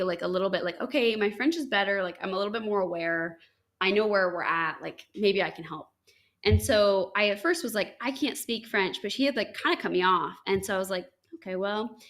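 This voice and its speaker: A young woman tells a story on her podcast in loose, casual chat. She leans on "like" constantly and acts out what other people said. Her voice sits in the middle range. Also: mid-range voice. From United States. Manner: chatty, full of "like", acts out quoted dialogue. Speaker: podcast host.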